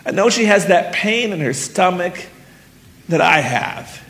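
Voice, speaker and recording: Man, live storyteller, high bright voice, intense halting delivery, stage mic with long hall reverb. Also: expressive, gravelly. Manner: intense, halting, emotional retelling.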